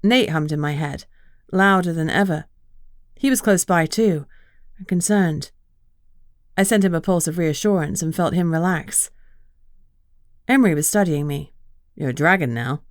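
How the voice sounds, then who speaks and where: A woman narrating a first-person fantasy audiobook in an even, measured storytelling manner. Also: lowish voice, dry recording, clean studio sound.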